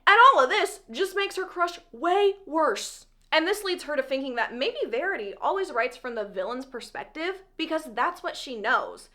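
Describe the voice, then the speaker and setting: A high-pitched woman retells a novel's plot in a chatty, dramatic way, adding joking asides for her viewers. Her voice is bright and forceful, and she talks in a casual vlog style. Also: lively intonation, moderate pace, hardly any pauses. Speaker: book recap vlogger. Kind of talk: animated casual book recap.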